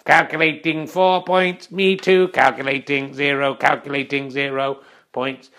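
A man voicing a male robot scorekeeper that keeps repeating "calculating" in a monotone. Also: medium pitch, measured pace, voice pushed down. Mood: deadpan mechanical. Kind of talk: comic mock robot voice.

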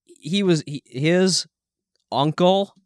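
A man's voice: on the high side, slow pace, dry recording, studio quality. A young man co-hosting a podcast, chatting casually, swearing a lot and breaking into little sung jingles. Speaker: podcast co-host. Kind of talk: casual chat.

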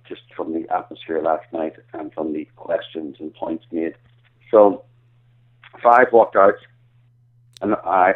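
Irish man on a tinny phone line. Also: fairly low pitch. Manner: earnest, stumbles and repeats words while talking. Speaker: guest. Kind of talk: phone-in interview.

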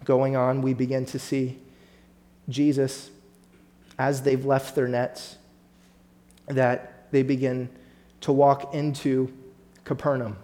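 Male pastor, mid-pitched voice, sermon delivery, builds emphasis, speaks straight to the congregation. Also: completely flat delivery, slow, long pauses, dark tone. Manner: preaching with rising emphasis, addresses congregation directly.

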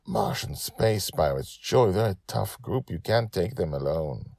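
Guy playing a hungover groaning dad, deep voice, tired and moany, dry close sound. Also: sing-song, a little slow, vocal fry, darkish tone, no room sound, exaggerated voice. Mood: weary. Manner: moaning, weary. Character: hungover, groaning, amused father.

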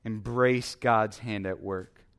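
A man's voice: on the low side, fairly even intonation, slow, fairly bright tone, clear, resonant tone. A man preaching a sermon as the pastor, earnest and emphatic, repeating his exhortations.

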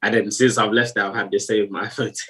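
A man's voice: lowish voice, little pitch movement, fairly quick, bright, forceful tone, slightly rough. A young man, teasing and chatting with friends. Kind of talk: casual chat among friends.

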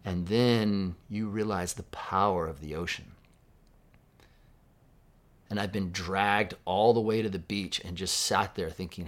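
A man from Southern California preaching a sermon in a conversational, reflective way, dropping to a hush for quoted words. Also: sits low, fairly even intonation, measured pace, pauses often. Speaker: pastor.

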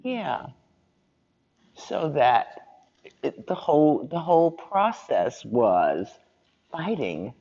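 A man speaking on a panel, telling stories and giving advice in a relaxed, conversational way. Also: fairly high pitch, long reverb tail, muffled recording. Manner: unhurried, conversational, chuckles while telling stories.

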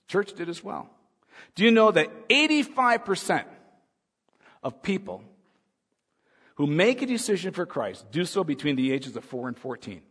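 A male pastor giving a sermon, swinging from soft musing to loud, urgent preaching. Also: fairly high pitch, breathy edge. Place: church hall. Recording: long hall reverb.

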